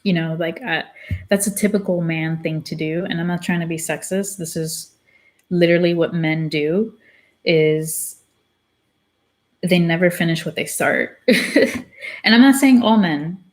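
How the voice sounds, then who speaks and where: A woman's voice: on the low side, measured pace, long pauses. A woman hosting her own channel, reading a book aloud and breaking off into blunt, opinionated commentary. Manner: opinionated, blunt asides between read passages. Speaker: channel host.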